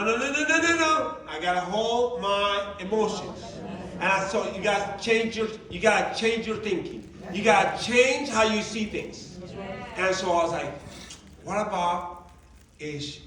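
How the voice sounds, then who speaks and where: A man, a coach and motivational speaker, tells personal stories to a live audience in an animated, emotional way. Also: high voice. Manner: animated, emotional storytelling with shifting volume and quick asides. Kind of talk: storytelling talk to a live audience. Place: large event room. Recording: echoey hall, distant mic, audience nearby.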